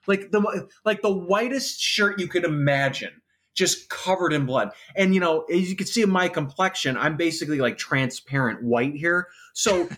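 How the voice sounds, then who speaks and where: Casting: middle-aged man, fairly high voice, swearing, lively anecdote teller in a podcast chat. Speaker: podcast guest, former special effects artist. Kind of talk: casual storytelling chat.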